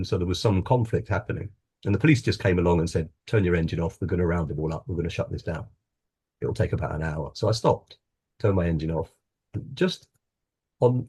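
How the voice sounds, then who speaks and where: A man's voice: deep voice, a little mellow, slightly rough. A man who grew up in Scotland, telling a personal story on a panel in an earnest, reflective way. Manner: earnest, reflective, with restarts and laughs. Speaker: wellbeing coach, panel guest.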